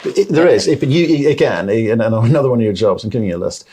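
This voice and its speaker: A man's voice: mid-range voice, expressive, fast talker, warm tone, husky. A man interviewing a company boss for investors, asking blunt, pressing questions and cutting in often.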